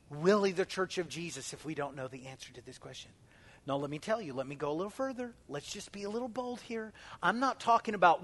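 A man preaching a sermon as pastor, emphatic and calling out to his congregation, swinging between loud declarations and hushed near-whispers. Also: sits high, expressive, fairly quick.

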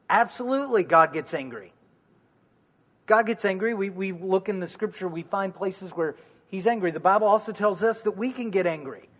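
A man's voice: high voice, fairly bright tone, long reverb tail. A man answering listeners' questions in a sermon, reassuring them and repeating key phrases. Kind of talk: conversational preaching.

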